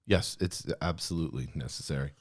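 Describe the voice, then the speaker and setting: A man co-hosting a podcast, steering the talk in a relaxed, joking way. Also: extremely low pitch, fairly quick, breathy edge, dry recording, studio quality. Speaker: podcast co-host. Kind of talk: casual podcast chat.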